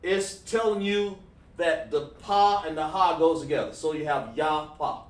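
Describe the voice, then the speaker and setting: A man's voice: on the high side, a little slow. A man teaching a livestreamed class, patiently checking in and praising his students. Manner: patient, checks in with repeated "okay, all right", praises students. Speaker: class instructor. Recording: echoey room, voice far from mic.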